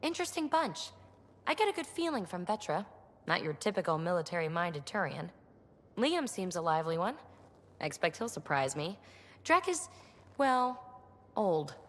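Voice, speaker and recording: Brief: curious young scientist, wry and animated. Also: female voice, lowish voice, normal speed, pauses often, big-room sound. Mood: inquisitive.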